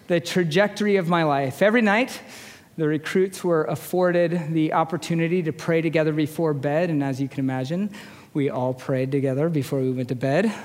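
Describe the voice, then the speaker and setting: A man in his forties with a high-pitched voice, a chaplain preaching a storytelling sermon in a conversational, self-deprecating way. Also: darkish tone. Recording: long reverb of a large hall.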